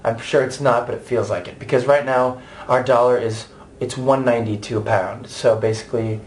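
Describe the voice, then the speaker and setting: A man's voice: mid-range voice, fairly even intonation, brisk. An American man in his thirties, an actor giving a candid, chatty interview with many restarts and asides. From United States.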